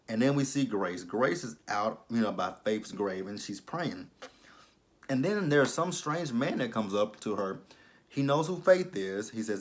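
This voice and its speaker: A man in his thirties giving a casual recap of a TV episode, animated and talking back at the characters. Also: mid-range voice, moderate pace. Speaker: YouTube TV recap host.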